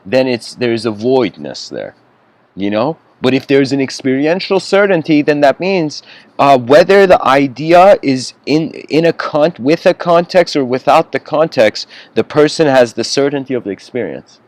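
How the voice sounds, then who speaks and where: A man delivers a spiritual lecture as a loose, chatty story. His pitch sits mid-range. He keeps checking in with the listener through asides. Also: lively intonation, moderate pace, dry recording. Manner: conversational, frequent "you know" asides.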